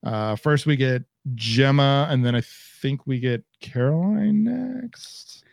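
A man's voice: mid-range voice, slow, creaky, no room sound. A man co-hosting a podcast from home, talking casually and acting out his reactions. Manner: animated, acts out reactions in quotes. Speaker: podcast co-host. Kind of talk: casual chat. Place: home, remote recording.

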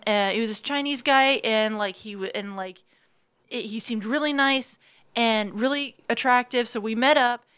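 A young woman telling a dating story as a podcast guest, animated and full of fillers, with plenty of swearing. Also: on the high side, smooth. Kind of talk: casual storytelling. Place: studio.

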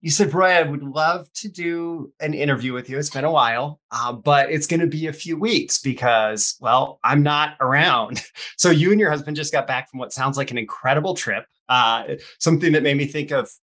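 A man hosts an interview podcast in a fairly high, bright voice. He sounds upbeat and playful, phrasing questions loosely with fillers. His delivery is friendly and conversational. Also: normal speed. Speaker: podcast host. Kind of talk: interview hosting.

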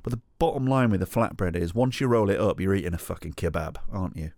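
A man's voice: sits low, expressive, quick pace, a little mellow, dry recording, studio quality. A middle-aged man hosting a solo podcast, telling a rambling, sweary, self-mocking story. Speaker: podcast host.

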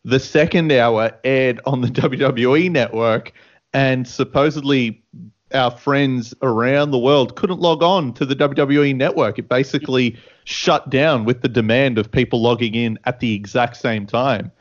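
A man co-hosting a radio show, talking in a relaxed, casual way and laughing along. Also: mid-range voice, unhurried, lo-fi sound. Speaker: co-host. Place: radio studio.

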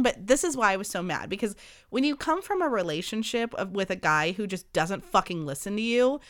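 A woman's voice: mid-range voice, a bit bright, clear, resonant tone, no room sound, studio quality. A woman in her twenties hosting a podcast, telling a dating story in a casual monologue, full of "like" fillers and swearing, acting out the dialogue she quotes. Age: 20s. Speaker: podcast host.

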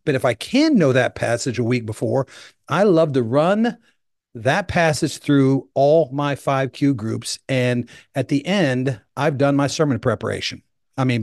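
A man's voice: mid-range voice, darkish tone, no echo, studio quality. A male pastor giving an enthusiastic, conversational sermon, explaining things in a chatty way.

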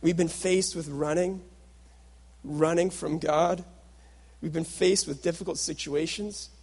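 A young adult man with a fairly high, husky voice gives a sermon-style talk. He tells a personal story and slips into the voices of his past self and the people around him. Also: fairly even intonation, a little slow, darkish tone. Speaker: workshop speaker.

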